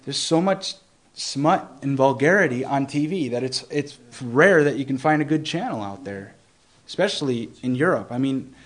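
With lively intonation and a medium pitch, a young preacher teaches the Bible informally. His tone is sincere and conversational, and he repeatedly restarts phrases and slows down to stress passages of scripture.

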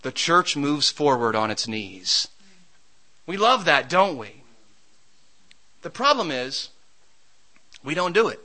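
A man preaching a sermon, mixing Scripture with a lively personal story. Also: a little high, slow pace, pauses often, rough recording. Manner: storytelling, shouts during a comic anecdote.

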